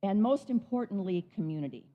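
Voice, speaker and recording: A woman's voice: medium pitch, expressive, fairly quick, highs cut off. A woman guest speaker giving an upbeat, enthusiastic inspirational talk at a spiritual center. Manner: bubbly, enthusiastic.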